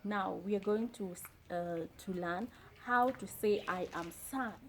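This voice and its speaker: Slow, deliberate woman teaching phrases. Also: mid-range voice, a little hiss or hum, low-quality recording. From Kenya. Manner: repeats each phrase slowly and deliberately. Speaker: language teacher. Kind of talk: slow beginner language lesson. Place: indoors during heavy rain. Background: rain.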